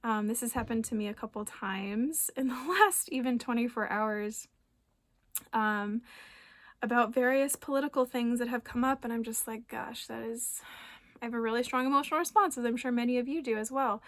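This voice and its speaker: A woman in her thirties, a naturopathic doctor, talking gently and conversationally to her viewers, with many ums and soft laughs. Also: on the high side, a little fast, dry recording. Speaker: naturopathic doctor and wellness coach. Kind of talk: casual reflective talk to camera.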